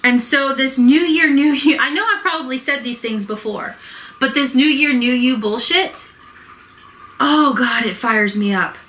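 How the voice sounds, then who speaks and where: A woman's voice: high-pitched, a little slow, fairly bright tone, rough recording. A woman vlogging a heated personal rant to camera, swearing and exasperated, worked up and close to tears.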